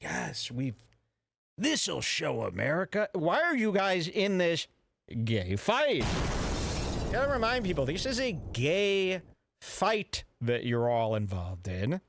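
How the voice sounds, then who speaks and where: A man hosting a radio show, ranting in a brash, mock-serious and deliberately offensive way. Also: sits high, huge pitch swings, fairly bright tone, no echo. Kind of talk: provocative comedic talk radio rant.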